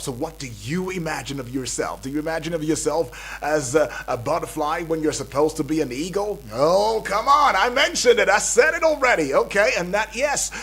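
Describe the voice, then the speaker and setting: Bright, husky-voiced Nigerian radio host. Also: male voice, fairly high pitch. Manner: hype-building, repetitive, calls out to listeners. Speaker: radio breakfast show host. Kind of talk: energetic morning radio patter. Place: radio studio.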